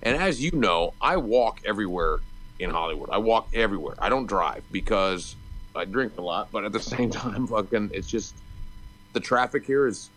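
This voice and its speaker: A man co-hosting a casual podcast, telling a story in a loud, swearing rant. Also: fairly low pitch, lively intonation, moderate pace, slight background noise, rough recording. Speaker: podcast co-host. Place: Hollywood.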